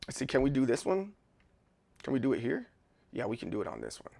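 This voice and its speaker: A man's voice: mid-range voice, huge pitch swings, fast talker, creaky, a little mellow. A man streaming live in casual chat, rambling and joking, often repeating words. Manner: joking, playful.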